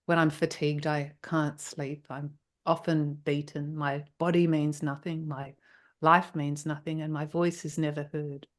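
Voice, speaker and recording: A woman softly voicing a suffering enslaved woman. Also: deep voice, fairly even intonation, measured pace. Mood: hushed sorrowful.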